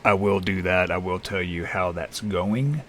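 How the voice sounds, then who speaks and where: A man talking unscripted to camera alone in a small room, tired and halting, with many restarts and fillers. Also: sits low, slight background noise. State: lethargic, tired. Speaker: vlogger in recovery. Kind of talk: unscripted personal vlog. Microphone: camera facing speaker.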